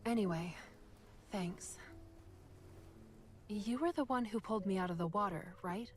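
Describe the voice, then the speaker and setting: An actress playing a kind young heroine in a story game, speaking gently and with light teasing. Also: female voice, medium pitch, unhurried, faint music behind, natural voice.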